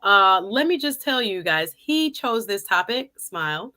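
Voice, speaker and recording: A chatty woman hosts a live-stream talk show. Her voice is bright and clear, and she keeps turning to her viewers to call them y'all. She laughs easily as she talks. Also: medium pitch, sing-song, a little slow. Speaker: host. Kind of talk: casual live-stream chat.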